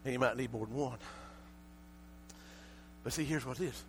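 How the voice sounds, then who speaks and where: A male preacher, preaching a sermon that swings from shouted peaks to soft, close asides. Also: medium pitch, moderate pace, slight background noise.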